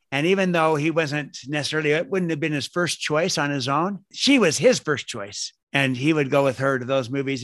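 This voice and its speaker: A man's voice: medium pitch, fairly bright tone, dry recording, studio quality. A man being interviewed as an author, telling family stories in an earnest way. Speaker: guest author. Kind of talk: podcast interview.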